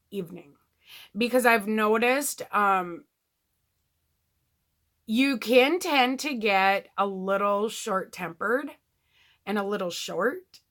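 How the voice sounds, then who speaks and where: A woman's voice: a little high, pushed and bright. A woman talking candidly in a casual video diary, rambling with lots of ums and you-knows. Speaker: vlogger.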